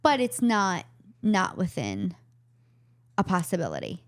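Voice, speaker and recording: A woman's voice: lowish voice, wildly swooping pitch, unhurried, no room sound, clean studio sound. A woman with a Bronx New York accent hosting a casual chat and talking enthusiastically. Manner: enthusiastic, gushing. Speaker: podcast host.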